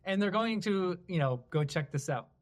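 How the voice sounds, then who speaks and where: Guy guesting on a book podcast, slightly higher voice, gets worked up and exasperated. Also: expressive, normal speed. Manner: emphatic, exasperated commentary. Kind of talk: casual book-discussion chat.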